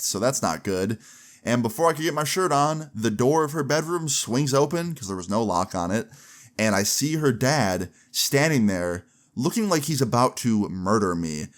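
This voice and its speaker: A young man telling a personal story in a casual, slangy way for a vlog. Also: lowish voice. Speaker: vlogger.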